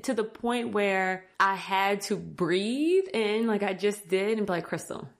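Animated woman telling a story to listeners. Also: measured pace. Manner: animated, self-mocking, acts out her own thoughts in a higher voice; talks directly to listeners as "y'all". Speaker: podcast host.

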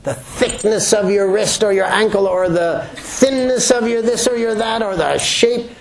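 A man's voice: high voice, a little slow, vocal fry. Chatty man teaching a yoga class. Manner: relaxed, chatty, joking, with rhetorical questions. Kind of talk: talk at the start of a yoga class. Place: yoga class room full of people.

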